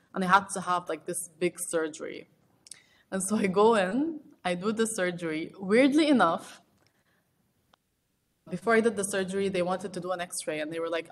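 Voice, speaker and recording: A young woman guest on a podcast, telling a personal story in a casual, animated way with restarts and laughter. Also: fairly low pitch.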